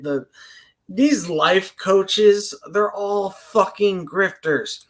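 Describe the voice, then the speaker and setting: A man with a fairly high voice rants through a reaction stream, swearing nonstop and wandering off track as he vents. His talk is loose and casual, full of fillers and angry asides. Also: steady tone, extremely slow, bright, forceful tone. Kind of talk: profane reaction rant.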